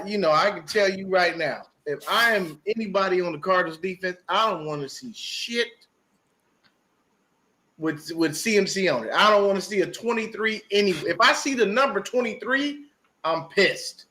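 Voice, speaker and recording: A man's voice: high voice, bright, forceful tone. A man on a podcast ranting about a football game, profane and emphatic, repeating his points. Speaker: podcast guest. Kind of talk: fired-up sports podcast rant.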